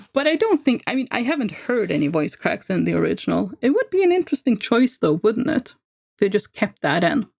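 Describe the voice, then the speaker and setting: A woman's voice: on the high side, sing-song, normal speed, gravelly, a little mellow, breathy edge. A young woman livestreaming, chatting casually and self-deprecatingly while she draws, laughing often. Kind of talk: casual chat while drawing.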